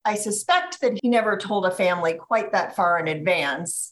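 Woman author, podcast guest; measured and reflective, mid-range voice. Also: medium pitch, animated, fairly bright tone. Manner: measured, thoughtful, speaks slowly at times.

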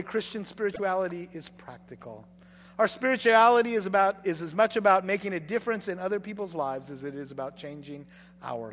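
A man preaching a sermon to a congregation, leading them in call-and-response and swinging from loud exhortation to hushed, soft-spoken passages. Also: a little high. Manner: dynamic, swings from shouting to hushed tones. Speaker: pastor. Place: church hall. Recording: long hall reverb, faint hum.

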